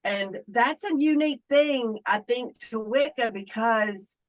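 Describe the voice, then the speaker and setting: A woman's voice: a little high, unhurried, low-quality recording. Chatty middle-aged woman guest. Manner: chatty, quotes people in playful voices. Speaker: Wiccan clergy guest. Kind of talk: casual interview talk.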